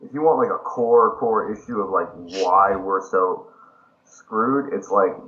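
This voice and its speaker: Brief: lower male podcast co-host, halting and "like"-heavy, muffled lo-fi sound. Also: a bit bright. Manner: leans on "like", searches for words. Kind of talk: casual chat. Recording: dull lo-fi sound.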